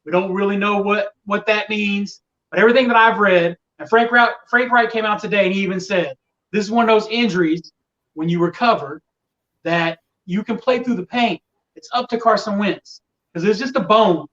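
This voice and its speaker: A man's voice: high-pitched, moderate pace, a bit bright, far from the mic, dull audio. A man talking casually on a sports podcast, venting with exasperation about fickle fans. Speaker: podcast guest, Colts fan.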